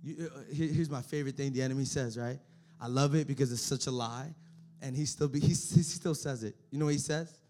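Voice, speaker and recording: A man preaching a sermon as pastor, moving between shouted emphasis and quiet, low passages, often repeating and restarting words. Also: fairly even intonation, brisk, a little hiss or hum.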